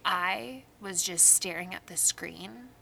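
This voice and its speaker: A young woman in casual podcast chat with a friend, animated and quick to laugh. She acts out her own reactions in her stories. Her voice is bright and sharp. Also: lowish voice, gravelly, slight background noise, poor audio. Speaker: podcast co-host.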